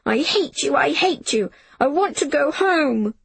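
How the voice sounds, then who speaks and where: A woman's voice: high-pitched, expressive, takes it slowly, creaky, voice pushed up, heavily acted. A woman voicing a desperate, tearful small boy in a storybook reading, pleading and wailing.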